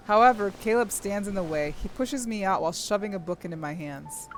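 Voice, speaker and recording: A young woman streaming, reading a game's story aloud and breaking off into gushing, excitable commentary with squeals and laughter. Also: mid-range voice, moderate pace.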